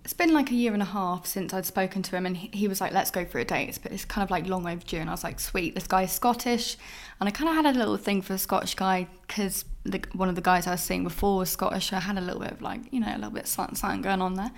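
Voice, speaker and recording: Young woman telling stories on her own podcast, speaking in a frank, loose, meandering way and leaning on "like" constantly. Her voice sits at an ordinary middle pitch for a woman. It is relaxed, unscripted solo talk recorded at home. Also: quick pace. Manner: candid, rambling, heavy use of "like". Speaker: podcast host. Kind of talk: casual solo podcast monologue. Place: her flat.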